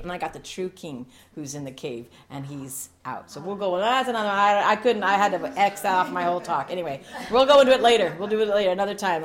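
A middle-aged woman preaching a sermon, animated and jokey, with laughing asides. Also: mid-range voice.

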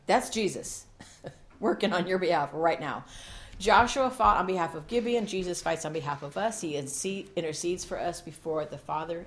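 A middle-aged woman preaching a sermon, animated and jokey, with laughing asides. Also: low-pitched.

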